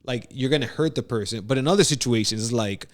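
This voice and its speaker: A man co-hosting a casual podcast, telling a story with lively acted-out quotes and frequent laughs. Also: mid-range voice, quick pace. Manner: animated storyteller, acts out quotes, laughs often. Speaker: podcast co-host.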